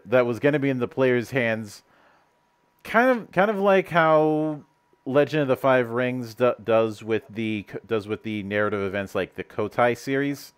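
A man's voice: mid-range voice, clean tone. A man hosting a casual podcast chat, rambling and often restarting his sentences with stammered repeats. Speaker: host.

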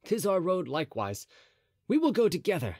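A man's voice: high voice, wildly swooping pitch, moderate pace, darkish tone, husky, no echo, studio quality, pitched above the performer's own voice, exaggerated voice. A man voicing a bold, mocking young Gascon swordsman in an audiobook, speaking with teasing courtesy.

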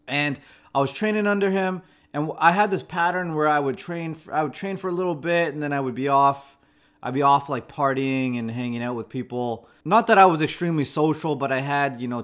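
A man's voice: medium pitch, a bit bright. Reflective man telling his story. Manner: reflective and conversational, often restarting phrases. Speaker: host of a channel about anxiety. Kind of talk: personal story told to camera.

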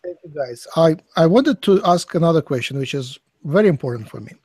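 A man's voice: fairly high pitch, lively intonation, fairly quick, a little mellow, slightly rough, no echo. A man with a somewhat raised voice asks questions of a channeler, circling back and restarting as he works through his thoughts. His voice is recorded dry, with no room sound behind it. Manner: searching, hesitant, with restarts and a light laugh. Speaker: interviewer. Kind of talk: conversational questioning.

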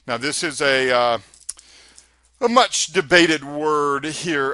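A man walks through a technical lesson in an easy, talkative way, tossing in rhetorical questions as he goes. His voice is bright and forward, and it sits close and dry on the mic with no room sound. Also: a little high, animated, slow pace, dry recording. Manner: chatty and conversational, asks rhetorical questions. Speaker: instructor. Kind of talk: recorded technical lecture.

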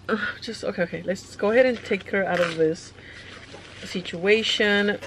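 A woman's voice: mid-range voice, normal speed, background noise. Gushing young woman unboxing vlog. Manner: gushing, excitable, chatty, addresses viewers directly. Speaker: beauty vlogger. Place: home, by her mirror.

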